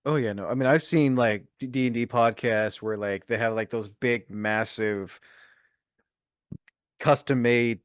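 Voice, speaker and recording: A man's voice: medium pitch, measured pace, clean tone, no echo, studio quality. A man hosting a casual podcast interview, asking questions and reacting briefly. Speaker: podcast host.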